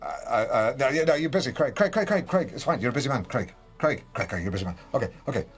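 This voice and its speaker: A man's voice: mid-range voice, animated, fast, husky. An actor playing a pompous, awkward middle-aged male local radio DJ with an English accent, rambling and fawning in a comedy radio show. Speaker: radio host.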